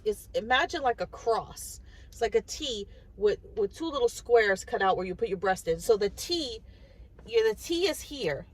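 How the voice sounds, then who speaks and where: A woman's voice: fairly high pitch, poor audio. A woman vlogger talking casually to the camera, telling a personal story in a chatty way, often repeating and restarting her words.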